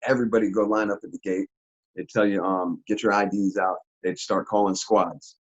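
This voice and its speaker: A man telling a story in an interview, in a casual, animated, slangy way with frequent laughs. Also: fairly low pitch, normal speed, dull audio. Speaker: interview guest.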